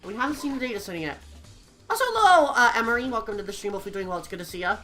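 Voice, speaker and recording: A woman streaming a game playthrough, her voice raspy from allergies, chatting and giggling with viewers between voiced scenes. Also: medium pitch, rapid-fire, pushed and bright, soft background music. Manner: chatty, giggly asides to chat.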